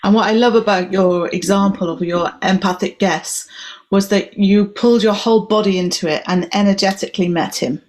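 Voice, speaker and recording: Brief: woman interviewer, mid-pitched, reflective, many soft affirmations. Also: steady tone, brisk. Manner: warm affirming listener, frequent "mm-hmm". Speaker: host, nonviolent communication trainer. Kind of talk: interview conversation.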